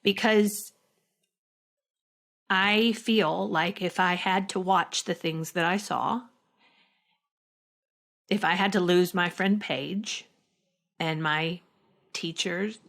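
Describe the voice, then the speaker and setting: A middle-aged woman speaks as a guest in a heartfelt interview. Her voice sits low and her pace is unhurried. She restarts phrases often as she gathers her thoughts. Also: gravelly, fairly bright tone. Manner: halting, reflective, many restarts. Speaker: podcast guest, actress. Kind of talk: emotional interview conversation.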